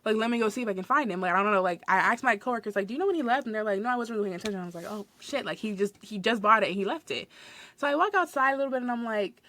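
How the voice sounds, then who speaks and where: A young woman hosting a podcast, telling a work story in a casual, animated way, full of fillers and acted-out quotes. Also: mid-range voice, racing. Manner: animated, swears, many "like" fillers, acts out quotes. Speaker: podcast host.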